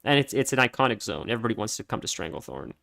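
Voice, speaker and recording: A man's voice: medium pitch, sing-song, very fast, creaky, pushed and bright. A man streaming a game, telling rambling stories with a casual, chatty manner and frequent laughter. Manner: rambling storytelling, laughs often. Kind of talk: casual gameplay commentary.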